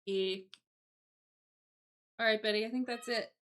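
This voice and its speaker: A woman's voice: fairly high pitch, steady tone, measured pace, fairly bright tone. Chatty young woman with a Southern twang. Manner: rambling, chatty, reads and answers chat aloud. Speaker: livestreamer. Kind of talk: casual live-stream chat.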